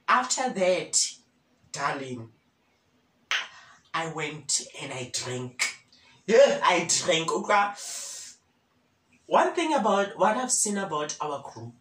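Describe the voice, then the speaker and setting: A man's voice: high-pitched, sharp tone. A young man in his twenties with a South African accent, telling a story to camera in a dramatic, theatrical way and often addressing viewers directly. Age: 20s. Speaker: medical student vlogger. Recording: roomy echo, faint ambience.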